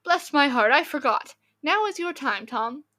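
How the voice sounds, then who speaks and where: A woman's voice: high voice, lively intonation, unhurried, bright, forceful tone, exaggerated voice. A woman voicing a kindly, hearty schoolmaster.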